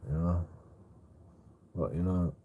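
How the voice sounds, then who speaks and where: A man's voice: low-pitched, takes it slowly, gravelly, warm tone, muffled recording, slight background noise. A man telling a rambling story in casual chat, stammering over repeated words and swearing a lot. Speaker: streamer. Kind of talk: casual anecdote.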